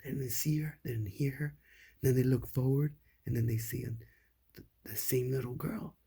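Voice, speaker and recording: A man telling a child a scary bedtime story, hushed and dropping to whispers for suspense. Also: medium pitch, steady tone, moderate pace, gravelly, husky.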